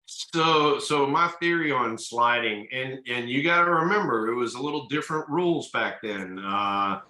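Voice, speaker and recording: A man's voice: mid-range voice, animated, moderate pace, pushed and bright, echoey room, poor audio. An older man, a retired ballplayer, answering interview questions in an easygoing, folksy way. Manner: easygoing, folksy, fillers like "you know". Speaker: retired baseball player, guest.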